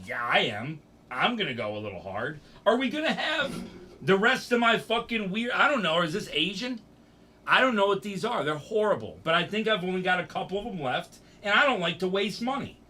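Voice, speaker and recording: Young male streamer, a bit high-pitched, rambling and profane. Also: big pitch swings, fairly quick, pushed and bright. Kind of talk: casual livestream chat.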